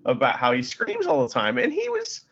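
A man's voice: mid-range voice, wildly swooping pitch, fairly quick, a bit bright, husky, lo-fi sound. A man co-hosting a podcast, chatting about wrestling and laughing often. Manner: laughs often, swears casually. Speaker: podcast co-host. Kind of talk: casual wrestling recap chat.

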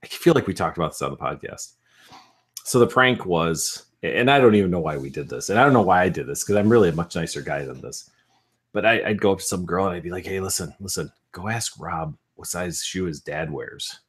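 A man's voice: sits low, expressive, quick pace, slightly rough. A man co-hosting a casual podcast, telling stories with a joking, wisecracking manner. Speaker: podcast co-host.

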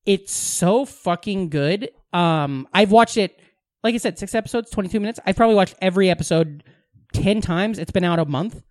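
A man's voice: high-pitched, moderate pace, no room sound, studio quality. A young man co-hosting a podcast, chatting casually and telling stories with lots of swearing. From Omaha, American Midwest. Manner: animated storyteller, swears freely. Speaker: podcast co-host. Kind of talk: casual chat.

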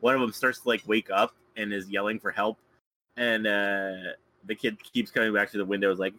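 Podcast guest, male, low and bright-toned, laid-back recap with frequent chuckles. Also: fairly quick, no echo, rough recording. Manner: chuckles often while recounting scenes. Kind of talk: casual chat, retelling a film plot.

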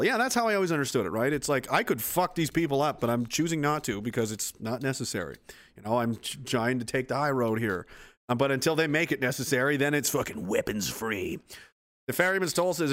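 Canadian guy ranting on his stream reading chat, swears a lot, pitch jumps all over. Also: expressive, a little fast, fairly bright tone. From East Coast Canada. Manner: profane, blunt, rambling. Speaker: livestream host reading chat. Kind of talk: casual livestream commentary.

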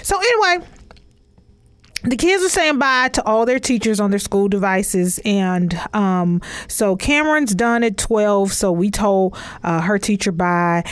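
A woman's voice: mid-range voice, animated, measured pace, clean tone, no room sound. A woman in her forties telling a funny family story in a chatty, rambling way, full of asides to her listeners. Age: 40s. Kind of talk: comedic storytelling monologue.

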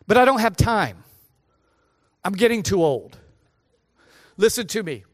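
A man's voice: high-pitched, sing-song, unhurried, no echo, clean studio sound, long reverb tail. A man preaching a sermon as pastor, emphatic and repetitive, with joking asides to the congregation. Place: church.

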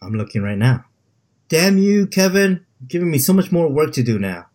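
A man's voice: on the high side, moderate pace. A man co-hosting a hobby podcast in casual chat, laughing often and joking around. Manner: laughs often, animated banter. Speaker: podcast co-host.

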